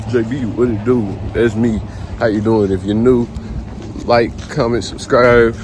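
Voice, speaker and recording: A man's voice: medium pitch, steady tone. A young man, out of breath, talking casually to his phone camera while walking outside. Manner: loose slangy banter, drawn-out greetings. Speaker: vlogger. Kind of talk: casual vlog talk to camera. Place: outdoors walking beside a busy road, windy. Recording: wind and traffic noise outdoors.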